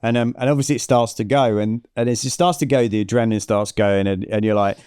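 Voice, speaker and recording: A man's voice: fairly low pitch, quick pace, clear, resonant tone, dry recording, clean studio sound. A middle-aged man, a business coach guesting on a podcast, tells stories with energy and acts out the dialogue as he goes, often restarting his sentences. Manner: animated storyteller who acts out quoted dialogue, frequent restarts. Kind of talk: conversational storytelling interview.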